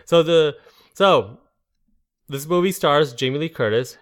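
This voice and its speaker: A man's voice: a little high, measured pace. A man co-hosting a casual movie podcast, rambling, tripping over names and laughing at his own jokes. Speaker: podcast co-host. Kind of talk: casual movie review chat.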